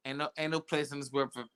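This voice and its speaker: An excitable man co-hosting a wrestling recap show, his voice bright and forceful and set a little high. He hammers his points by repeating phrases and laughs through them. The chat is loose and unscripted. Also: clean tone. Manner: excitable, emphatic, repeats himself, laughs a lot. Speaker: podcast co-host.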